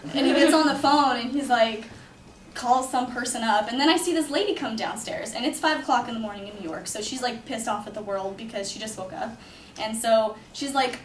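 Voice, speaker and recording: A woman's voice: fairly high pitch, fairly quick, recorded from a distance, slight background noise. A young woman from California telling a personal story in a chatty way, with lots of "like" fillers. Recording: echoey room, speaker away from mic, faint ambience.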